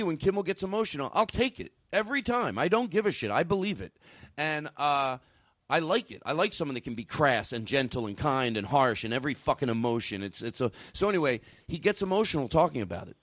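Talking on a studio mic while a caller waits on the line, a podcast host spins meandering, foul-mouthed stories full of false starts. He sounds animated and brisk, with a higher-pitched voice. The recording is dry.

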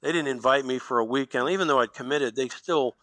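Fields: bright-voiced man telling stories. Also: medium pitch, fairly quick, no room sound. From Indiana, USA. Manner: animated storyteller, acts out quoted lines. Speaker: guest, former basketball player. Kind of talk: storytelling in a podcast interview.

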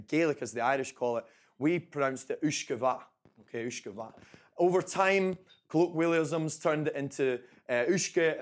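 A Scottish man in his twenties presenting a tasting to a live audience, chatty and repeating phrases for emphasis. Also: mid-range voice. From Scotland. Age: 20s. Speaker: brand ambassador presenting a tasting. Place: event room with a live audience.

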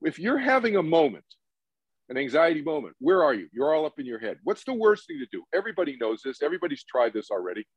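Appearing as a guest meditation teacher on a podcast interview, this man is animated, acting out quotes and posing rhetorical questions. His voice sits on the high side and moves quickly, with a slightly rough texture; the audio is dull, with no echo.

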